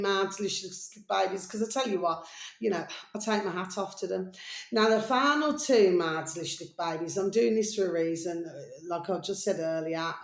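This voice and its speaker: A woman with a lowish voice in a reverberant space hosts a chatty vlog, drifting from topic to topic. She's affectionate and rambling, calling her viewers "babies" and humming or singing snatches of songs.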